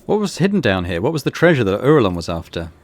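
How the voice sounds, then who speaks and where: A man's voice: mid-range voice, very animated, fast, dry recording. A man playing through a role-playing game, reading its text aloud with casual asides. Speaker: gaming YouTuber.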